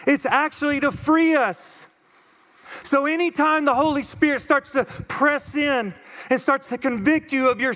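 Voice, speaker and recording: A man preaching a conversational, animated sermon as pastor, acting out the voices of the people he quotes. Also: very high voice, big-room sound. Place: church auditorium.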